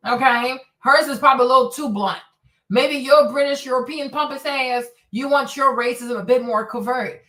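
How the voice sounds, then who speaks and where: A woman's voice: a little high, a bit bright. A woman hosting a streamed commentary show, talking emphatically and repeating words for stress. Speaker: host.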